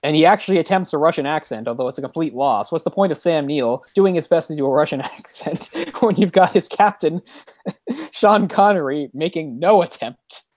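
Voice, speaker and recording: A man's voice: on the high side, no room sound. Rambling, dry-sounding male podcast host. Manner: rambling, animated, quick laughs. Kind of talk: casual movie chat.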